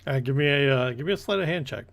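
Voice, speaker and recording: A man's voice: mid-range voice, animated, fast, creaky, noisy background. A man running a tabletop game as game master, narrating loosely and correcting himself as he goes. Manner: rambling, corrects himself often.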